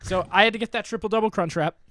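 Animated young man telling stories. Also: high voice, rapid-fire, dry recording, studio quality. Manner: animated storyteller, laughs often. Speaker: podcast host. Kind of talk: casual chat.

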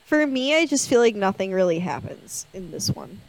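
A woman co-hosting a casual chat, sassy and animated as she tells stories. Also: mid-range voice, moderate pace, low-quality recording. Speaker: podcast co-host.

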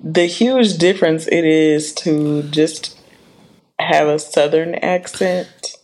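A woman's voice: low-pitched, slow, a little mellow. A woman co-hosting a podcast in a casual, laid-back chat, drawing out her thoughts and chuckling now and then. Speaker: podcast co-host.

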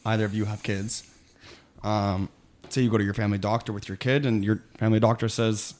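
A man's voice: fairly low pitch, level tone, a little fast, a little mellow. A man guesting on a podcast, posing a hypothetical question with some hesitation. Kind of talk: casual chat.

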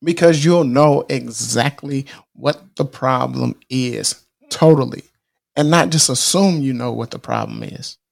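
A man's voice: mid-range voice, a little slow, creaky. A middle-aged man hosting a podcast, giving earnest motivational advice in a casual, preachy way, often repeating himself and restarting phrases. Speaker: podcast host.

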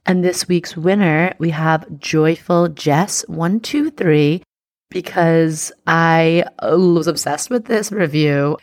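A woman hosting her own podcast as an astrologer, talking in a casual, rambling and earnest way, restarting often and warmly affirming her listeners. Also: low-pitched, slow pace, dry recording, clean studio sound. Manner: upbeat and affirming toward listeners. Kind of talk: casual solo podcast talk.

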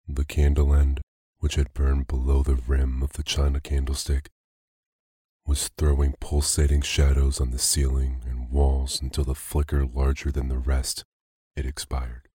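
Male storyteller for a sleep story: very deep, dark, husky, calm even delivery. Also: no room sound, studio quality. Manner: slow, calm, even reading. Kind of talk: bedtime story narration for sleep.

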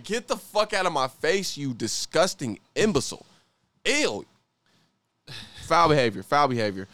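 A man hosting a podcast, talking in a casual, profane, animated way and laughing often. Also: on the high side, no room sound. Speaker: podcast host. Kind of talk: casual podcast chat reacting to a story.

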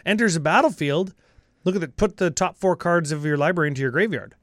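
A man co-hosting a casual card-game chat, reading rules text quickly with upbeat asides. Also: fairly high pitch, fairly bright tone, no room sound, clean studio sound.

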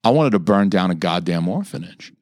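A podcast host in his thirties talks briskly with no echo on the audio. His rant is casual and full of profanity, and he keeps imitating other people's words in a higher, raised voice.

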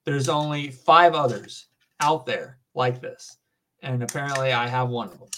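A young man in his twenties with a Southern US accent chats casually on a podcast. He rambles, fills gaps with um, and calls people dude and man, in a mid-pitched voice. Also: moderate pace, pushed and bright, slight background noise. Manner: rambling, filler-heavy, says dude and man. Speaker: podcast guest. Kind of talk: casual chat.

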